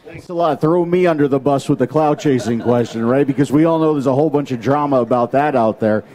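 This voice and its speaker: A man's voice: mid-range voice, fast talker, dark tone. An American man speaking as a conference panelist, talking casually and emphatically with plenty of fillers and restarts. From United States. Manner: emphatic, rambling, many fillers.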